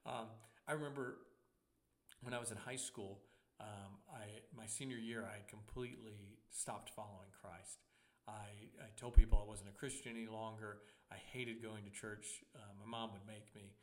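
A man's voice: on the low side, flat delivery, moderate pace, a little mellow. A young adult man, a pastor, preaching a sermon in a conversational way, with humor and personal stories.

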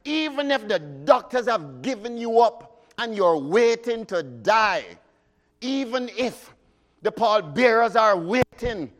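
A man in the pulpit, his voice sitting high and moving at a slow, deliberate pace. He chants hymn lines, then breaks into fervent cries before dropping back to quiet, earnest teaching. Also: animated. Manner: fervent, rises to sudden shouts and drops to hushes. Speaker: preacher. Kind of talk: sermon.

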